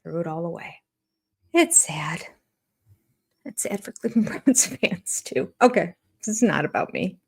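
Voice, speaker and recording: A woman's voice: lowish voice, expressive, a little slow, creaky, pauses often, husky. An older woman giving sarcastic, amused reaction commentary on a reality show, often laughing. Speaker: YouTube commentator.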